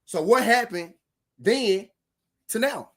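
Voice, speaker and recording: This boxing commentary host speaks slowly and expressively, his fairly bright voice sitting high. Talking directly to viewers, he delivers a casual, heated reaction rant, swearing and circling back to the same points.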